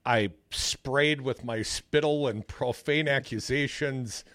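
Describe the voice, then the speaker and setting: A man's voice: medium pitch, slow pace, no room sound, studio quality. A man hosting a political talk radio show, chatting wryly and taking callers. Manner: wry, lively, takes callers.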